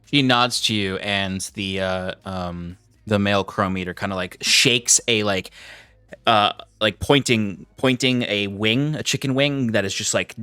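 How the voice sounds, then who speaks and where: Bright-voiced male game master. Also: fairly low pitch, a little slow, smooth, dry recording, soft background music. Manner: loose, filler-heavy description. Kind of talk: narrating a tabletop game.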